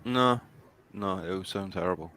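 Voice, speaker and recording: A man's voice: low-pitched, normal speed, sharp tone. A man chatting easily as a guest on a live stream. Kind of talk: casual chat.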